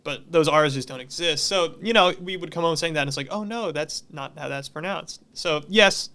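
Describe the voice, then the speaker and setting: Bright, crisp-voiced chatty man. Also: on the high side, moderate pace. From Massachusetts, near Boston. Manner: rambling, chatty, many "like" fillers. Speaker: musician guest. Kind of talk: casual podcast chat.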